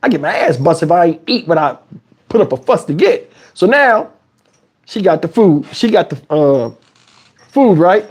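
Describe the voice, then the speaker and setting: A man telling a casual story on a livestream, swearing freely and talking straight to his listeners. His voice sits high for a man. His pitch swings widely from phrase to phrase. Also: normal speed, breathy edge. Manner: animated, profane, conversational.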